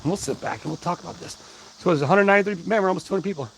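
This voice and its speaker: A man's voice: high voice, rapid-fire, a little hiss or hum, poor audio. A man hosting a casual livestream, rambling in a folksy way and greeting his chat by name. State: out of breath. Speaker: livestream host. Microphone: wireless mic worn on body.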